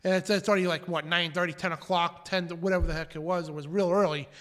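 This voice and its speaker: A man co-hosts the show and tells a story in a loose, chatty way, full of fillers. His voice sits notably high for a man. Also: steady tone, fast, a bit bright. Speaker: co-host. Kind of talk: casual chat.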